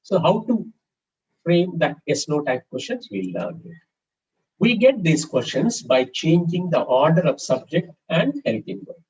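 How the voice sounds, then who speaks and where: Through a distant, dull mic with a faint hiss in the background, an Indian English teacher gives a live online grammar class and patiently repeats example sentences. His voice is on the high side, a little slow, sing-song, a little mellow and husky.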